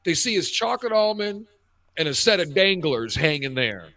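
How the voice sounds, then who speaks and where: A co-host on a radio talk show, this man in his fifties speaks at normal speed in a voice on the high side, captured in a dry recording through a cheap headset. He tells crude, animated stories in casual conversation.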